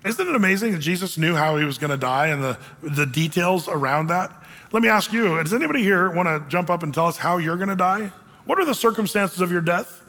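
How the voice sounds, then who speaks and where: A man's voice: sits high, expressive, fairly quick, pushed and bright, big-room sound. A man preaching a sermon in an emphatic, conversational way, acting out quotes as he goes. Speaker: pastor.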